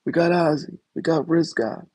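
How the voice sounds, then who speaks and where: A man voicing a smooth-talking female mafia boss in a grand, coaxing mobster manner. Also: on the high side, moderate pace, darkish tone, voice pushed up.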